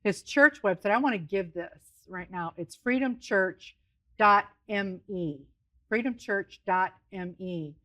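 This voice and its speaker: A woman hosting a TV interview, prompting her guest with gentle questions. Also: medium pitch, measured pace. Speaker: TV show host.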